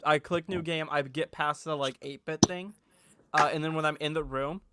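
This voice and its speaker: Young guy hosting a stream hangout, hyped and cursing, kinda high voice. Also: moderate pace, heavy background noise. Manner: excitable, swears a lot. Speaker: film channel host. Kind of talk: casual group chat on stream.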